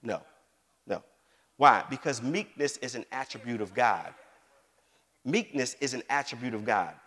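A man's voice: medium pitch, a little slow. Man preaching with a big hall echo. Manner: animated preaching with call-and-response questions and repeated phrases. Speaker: pastor. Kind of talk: sermon. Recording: long hall reverb.

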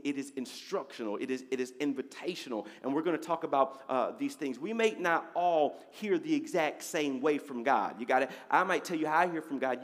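A male pastor preaches a sermon to his church, in a voice that sits slightly high. He leans on call-and-response, repeats his phrases and keeps checking in with "you got it?" The sound carries a long reverb from the church hall. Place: church sanctuary.

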